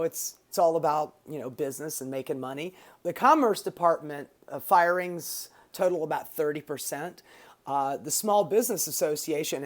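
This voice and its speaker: A woman hosting a podcast of profane, sarcastic political commentary. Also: on the low side. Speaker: podcast host.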